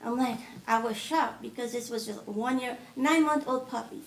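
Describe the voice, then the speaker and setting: A woman giving an earnest public comment at a city meeting, recounting events and quoting others in quick, pleading bursts. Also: a little high, slight background noise. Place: city commission chamber. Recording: roomy chamber audio, distant mic.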